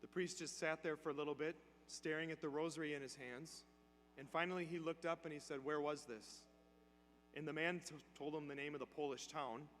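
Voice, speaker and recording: A man's voice: on the high side, fairly even intonation, fairly quick, fairly bright tone. Man preaching in a reverberant church. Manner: conversational, acts out dialogue in a story. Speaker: deacon giving a homily. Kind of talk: storytelling sermon. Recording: long church reverb, faint hum.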